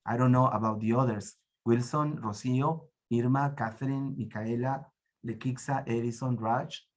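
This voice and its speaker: A man's voice: medium pitch, fairly even intonation, moderate pace. A man whose first language is Spanish, talking in a friendly, enthusiastic way during an online teachers' meeting over a video call.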